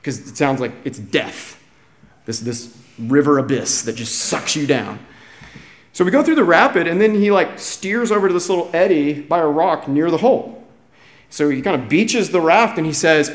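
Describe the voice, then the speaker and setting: A man preaching a sermon, telling a story with lively acted-out quotes. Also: a little high, normal speed, reverberant. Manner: animated, acts out quoted voices. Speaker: pastor.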